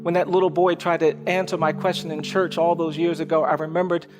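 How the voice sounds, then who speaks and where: A lawyer telling a personal story in a public speech, with measured, repetitive rhythmic phrasing. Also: male voice, a little high, little pitch movement. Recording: echoey hall with faint music.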